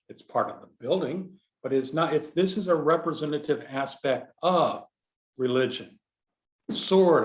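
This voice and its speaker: In an echoey room, a mid-range male voice with a Texan accent delivers a casual poetry lecture. He is a contest director teaching explication, wandering off on digressions and fixing his words with fillers.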